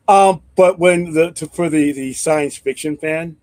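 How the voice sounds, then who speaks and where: A man's voice: a little high, moderate pace, hardly any pauses, a little mellow, dry recording. A man hosting a casual live-stream chat, rambling and swearing freely as he thinks aloud with restarts. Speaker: host.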